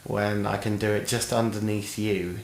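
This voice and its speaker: Low-voiced chatty man in an echoey room. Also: little pitch movement, normal speed. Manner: chatty, enthusiastic, swears casually. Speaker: podcast co-host, guitarist and singer. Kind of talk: casual chat.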